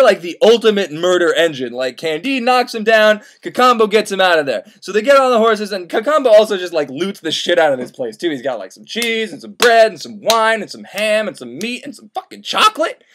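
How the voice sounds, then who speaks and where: Young man, high voice, swearing a lot, rambling comedic retelling. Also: fairly quick, few pauses, slight background noise. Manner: profane, rambling and excitable. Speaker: host.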